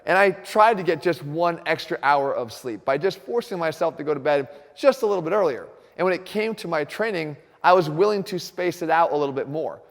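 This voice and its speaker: Brief: direct, energetic male coach, slightly high voice, long echo from the gym. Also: a little fast, gravelly, hardly any pauses. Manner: direct, energetic, talks straight to viewers. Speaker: fitness coach host. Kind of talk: instructional fitness video. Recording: reverberant gym room.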